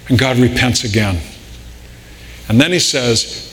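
A man preaching a sermon in a slow, deliberate way, often repeating and restarting words. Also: medium pitch, fairly bright tone. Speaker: pastor. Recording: long reverb in a large hall, faint room noise.

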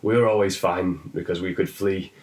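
A man's voice: low-pitched, fairly even intonation, moderate pace, a little mellow, distant mic, close to an everyday voice. A man voicing a fatherly Scotsman in a pub, with a put-on Scottish accent and rambling advice. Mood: advising.

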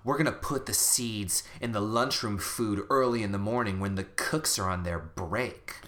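A man voicing menacing lizard-like creatures who pose as kids, with a slow, low chant. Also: a bit bright, lightly acted. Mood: scheming.

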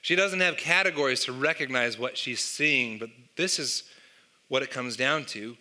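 A man's voice: mid-range voice, animated, moderate pace, sharp tone. A man preaching a sermon, telling an illustration and asking the listeners rhetorical questions. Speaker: pastor.

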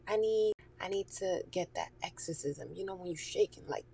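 A woman's voice: fairly low pitch, normal speed, gravelly, mellow, slight background noise. A woman talking candidly and profanely in a casual chat, laughing often and dropping into whispery asides.

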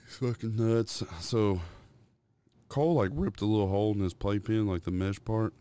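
Young male podcast co-host with a smooth, low voice, profane and rambling storyteller. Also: normal speed, mellow. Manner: rambling, swears a lot, acts out his toddler's noises.

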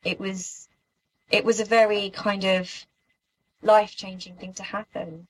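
A young woman from the UK telling a personal story in an earnest, halting way, with many restarts. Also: mid-range voice, level tone, husky, rough recording. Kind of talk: emotional personal account.

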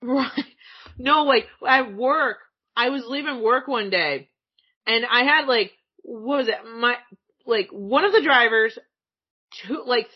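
A woman chatting casually and telling animated, swearing stories, often breaking into laughter. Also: a little high, husky, muffled recording. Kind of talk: casual chat, storytelling.

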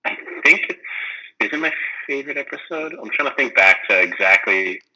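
A man chatting casually, rambling and animated as he retells funny scenes, full of "like" and "um". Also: mid-range voice, a little fast, low-quality recording. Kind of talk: casual chat about a sitcom.

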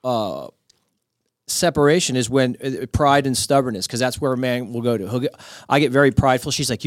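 Brief: male podcast guest, mid-range voice, dry sound, animated anecdotal delivery, quick restarts. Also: mid-range voice, dry recording. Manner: lively storyteller with many restarts. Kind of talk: casual storytelling.

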